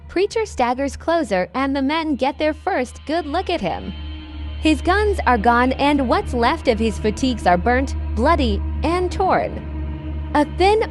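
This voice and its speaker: A woman narrates a scripted horror story in a slow, measured way. Her voice is high and lively in pitch, and faint music plays behind her.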